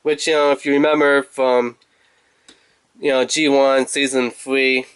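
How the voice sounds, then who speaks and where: A man's voice: medium pitch, level tone, a little slow, a bit bright, clear, resonant tone. A man casually reviewing a toy in a rambling, playful, chatty way.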